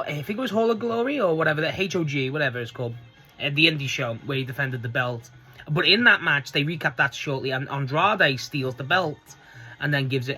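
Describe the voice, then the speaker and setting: A man giving a casual, rambling solo review, excitable and swearing freely. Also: on the high side, husky. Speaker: wrestling show reviewer.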